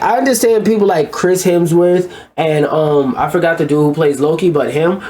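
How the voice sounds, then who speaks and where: A man's voice: on the high side, a little mellow. A man giving casual, crude reaction commentary, rambling and stumbling over names as he reads through a list. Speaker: commentary YouTuber.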